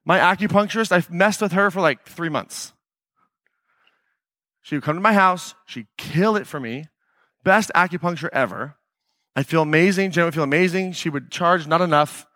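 A man's voice: on the high side, moderate pace, pushed and bright, no room sound, clean studio sound. A man hosting his own podcast, talking casually in a blunt, emphatic, swearing manner. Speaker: podcast host. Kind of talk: casual solo podcast monologue.

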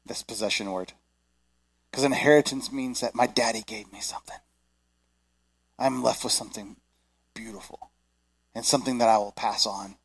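A man, probably in his thirties, preaching a sermon in a conversational, animated way, acting out little voices. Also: on the low side, breathy edge. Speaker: pastor.

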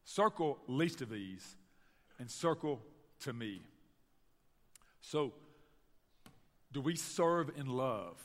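A man with a Southern US accent from Tennessee, preaching a sermon and telling stories to his church in an animated way. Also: medium pitch, slow, long pauses, big-room sound. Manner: storytelling, animated, addresses the church directly. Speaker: pastor. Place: church sanctuary.

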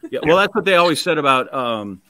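A man's voice: on the high side, very animated, fast talker, pushed and bright, no room sound. A man co-hosting a talk show, asking questions and teasing his co-host in a rambling, joking way. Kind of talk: casual interview chat.

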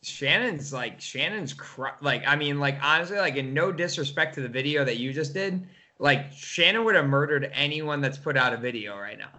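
A man chatting as a guest, effusive and halting, full of restarts. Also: a little high, expressive, sharp tone. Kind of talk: casual chat.

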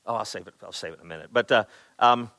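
A man's voice: on the low side, rapid-fire, pushed and bright, no echo. A male pastor preaching a sermon in a conversational way, with many fillers and repeated words, acting out quoted voices with rising emphasis.

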